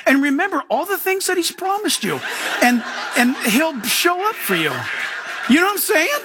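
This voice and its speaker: A man preaching a sermon as pastor, telling stories with jokes and chuckles and mimicking other people in lively asides. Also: very high voice, moderate pace, background noise.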